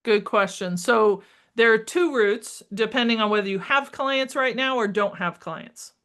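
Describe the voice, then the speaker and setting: A middle-aged woman, a marketing strategist, talking as a podcast guest, energetic and emphatic, acting out bits of dialogue. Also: medium pitch. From United States. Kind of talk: conversational interview.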